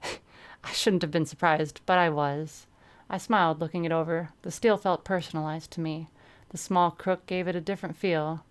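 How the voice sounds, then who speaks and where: A woman's voice: sits low, steady tone, normal speed, clear, resonant tone. A woman streamer reading a first-person story aloud, breaking off now and then to comment.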